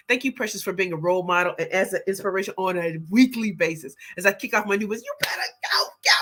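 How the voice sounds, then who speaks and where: A middle-aged woman hosting a livestream, reading viewer comments aloud and greeting people by name with excited, exclamatory energy. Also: mid-range voice. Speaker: livestream host, book pitch coach.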